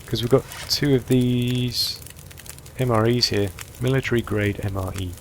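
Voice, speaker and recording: A man giving relaxed let's-play commentary, thinking aloud as he sorts through supplies and plans his next move. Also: mid-range voice, normal speed, a little hiss or hum. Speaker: gameplay commentator.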